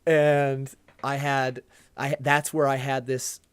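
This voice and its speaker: Slow and flat in delivery, a man with a medium-pitched voice recounts a long personal story as a podcast guest. The talk is casual conversation, and he comes across as earnest and rambling, often beginning his sentences again.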